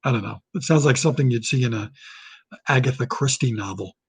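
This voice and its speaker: A man hosting his own comic monologue, rambling and sarcastic, firing off quick jokes. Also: medium pitch, slightly rough. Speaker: comedian and host.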